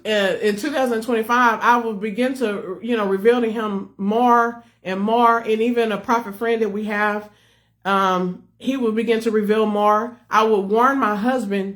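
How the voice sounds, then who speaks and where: A woman's voice: a little high, fairly even intonation, normal speed. A woman who leads a ministry, giving an earnest personal testimony to her followers and repeating herself as she speaks to viewers directly. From United States. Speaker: ministry leader.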